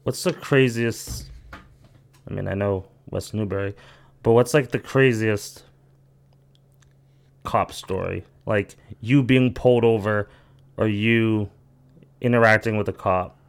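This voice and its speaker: A man's voice: fairly low pitch, steady tone, slow, gravelly, long pauses, clean tone. A young man hosting a casual chat, asking loose, rambling questions. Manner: asks rambling questions, short reactions.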